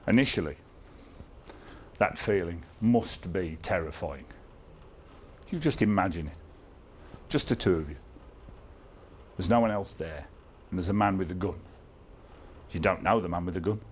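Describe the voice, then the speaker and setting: A man's voice: sits low, a little mellow, slight background noise. A man in his fifties giving an informal talk to an audience, wry and self-deprecating, often chuckling as he tells his story. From England. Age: 50s. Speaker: guest speaker.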